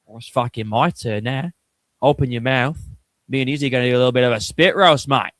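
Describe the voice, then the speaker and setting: A man's voice: medium pitch, quick pace, fairly bright tone, dry recording, studio quality, lightly acted. A man doing a crude, cocky fighter. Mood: taunting. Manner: crude, boastful. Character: crude cocky male fighter taunting a teammate.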